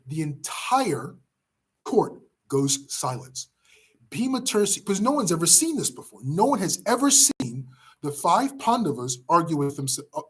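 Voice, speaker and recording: Husky-voiced man telling an epic tale. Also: fairly high pitch. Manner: dramatic, emphatic retelling with pauses. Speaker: teacher. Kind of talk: storytelling lesson.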